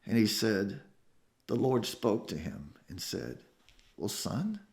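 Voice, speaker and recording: A man preaching a sermon, telling a story with emotion and swinging from hushed tones to loud climaxes. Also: lowish voice, lively intonation, takes it slowly, gravelly. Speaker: pastor. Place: church sanctuary.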